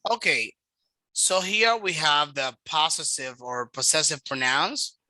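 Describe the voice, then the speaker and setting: A woman teaching English to a child over a video call, speaking slowly and patiently and modelling each word's pronunciation. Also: sits low, animated, pushed and bright, no echo, low-quality recording. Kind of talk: online class with a child.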